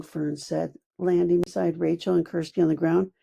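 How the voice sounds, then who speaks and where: A woman narrating a children's book read-aloud in an expressive storytelling manner. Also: fairly low pitch, moderate pace, vocal fry, slightly rough.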